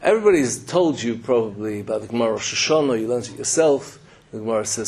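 Animated husky rabbi. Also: male voice, medium pitch, fast talker. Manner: animated storytelling, emphatic. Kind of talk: Torah sermon.

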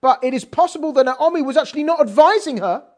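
A woman teaching a scripture lesson in a chatty, conversational way. Her voice sits a bit high and swings widely as she explains, and she plays out the quoted dialogue with some sass. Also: fast talker. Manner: animated, acts out quoted lines with sass. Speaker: Bible teacher.

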